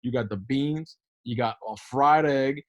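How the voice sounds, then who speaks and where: A man's voice: mid-range voice, measured pace, highs cut off. A man co-hosting a podcast, telling stories in a laid-back casual way, peppering his talk with "bro" and "dude". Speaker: podcast co-host. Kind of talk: casual chat.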